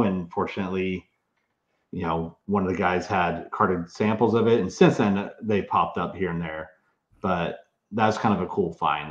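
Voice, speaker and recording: Deep-voiced man on echoey, dull audio. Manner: rambling, many fillers and restarts. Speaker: toy historian and author, guest. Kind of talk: casual interview talk.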